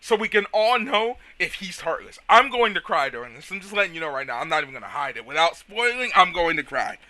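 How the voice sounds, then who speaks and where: Man, gaming host, casual let's play talk, excitable and rambling, high bright lively voice. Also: fast talker. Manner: excitable, rambling, self-mocking.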